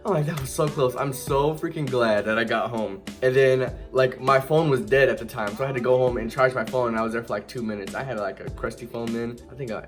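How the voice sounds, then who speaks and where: A young man casually telling a story from his teens, animated, often jumping into loud high-pitched voices when he quotes people. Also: fairly quick, hardly any pauses, faint music behind.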